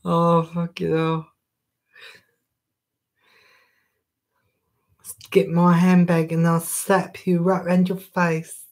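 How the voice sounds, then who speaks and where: A man's voice: high-pitched, expressive, extremely slow, full character voice. A man doing a flamboyant, dramatic camp voice with an exaggerated lilt, playfully put on during a live stream. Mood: sassy.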